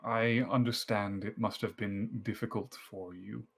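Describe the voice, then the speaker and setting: Stern formal king, quiet and deliberate, read by a male game master, low and unhurried. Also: steady tone, gravelly, breathy edge, full character voice. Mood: grave.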